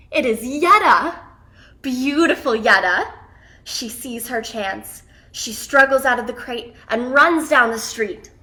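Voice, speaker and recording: A woman telling a children's story in an expressive, animated way. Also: a little high.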